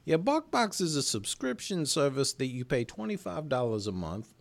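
A man's voice: mid-range voice, very animated, moderate pace, vocal fry. A man co-hosting a comedy podcast, rambling and stammering in casual chat and laughing often. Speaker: podcast co-host.

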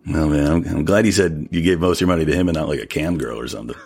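A man's voice: extremely low pitch, a little fast, creaky, darkish tone, husky. A man in his forties co-hosting a live podcast, joking around and making fun of himself. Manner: joking and self-deprecating. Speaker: podcast co-host. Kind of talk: casual live podcast chat.

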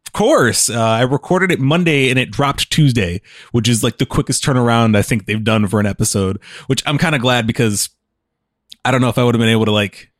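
A man's voice: mid-range voice, brisk, dry recording, clean studio sound. A man hosting his podcast in casual chat, rambling with many restarts, his voice a bit muffled as he chews food. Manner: rambling, restarts a lot, chuckles. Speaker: podcast host.

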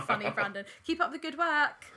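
Bright British woman, podcast co-host, giggly casual chat. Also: high voice. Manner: giggly, chatty, self-deprecating.

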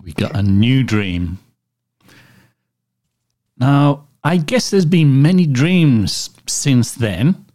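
A man hosting an interview over a video call, asking questions slowly and softly. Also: medium pitch, very animated, no room sound, studio quality. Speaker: podcast host.

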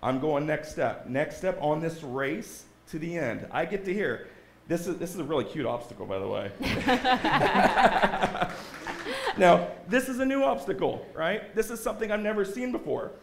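A man's voice: a little high, lively intonation, a little fast, vocal fry. Earnest man testifying in a roomy church. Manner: earnest, keeps asking "right?". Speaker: guest speaker giving a testimony. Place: church sanctuary.

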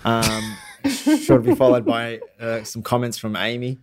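A man's voice: medium pitch, steady tone, a little slow, background noise. Rambling Australian man hosting. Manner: rambling, playful, with many fillers and restarts. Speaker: podcast host. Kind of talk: casual podcast chat.

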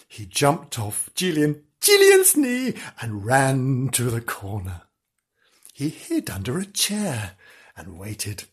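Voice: mid-range voice, wildly swooping pitch, takes it slowly, breathy edge. A podcast host reading a children's story aloud in a comic way, interrupting it with playful asides, giggles and mock apologies to the children listening.

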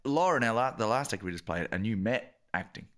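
A man co-hosting a casual podcast, tossing in quick jokey remarks and laughing often. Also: fairly low pitch, animated, fairly bright tone. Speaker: podcast co-host.

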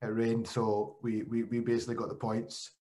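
A man hosts a relaxed podcast conversation. He tells stories animatedly, often restarting his sentences mid-thought. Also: medium pitch, moderate pace. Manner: animated storyteller, frequent restarts. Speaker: podcast host and former cricketer. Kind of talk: casual chat, storytelling.

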